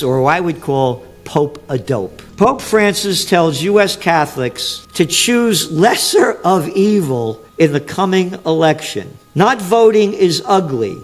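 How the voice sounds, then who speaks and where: An older man, a trend forecaster, speaking as an interview guest in an impassioned, sarcastic, emphatic monologue. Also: on the high side.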